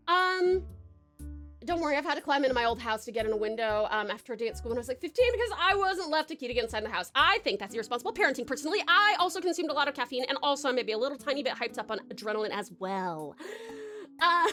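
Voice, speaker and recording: A young woman with an Australian accent and a high, bright voice chats loosely with her viewers on a live stream. She giggles often and rambles through plenty of ums and restarts, with soft music playing faintly behind her. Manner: bubbly, giggly, rambling with many fillers. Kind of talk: casual live-stream chat.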